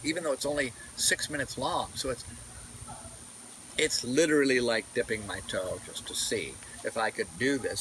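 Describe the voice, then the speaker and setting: A man's voice: mid-range voice, pushed and bright, slight background noise, low-quality recording. A man, vlogging casually outdoors into his camera mic, digressive, with many fillers and restarts. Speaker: vlogger and audiobook narrator. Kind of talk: casual rambling vlog talk. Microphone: camera mic, no wireless mic.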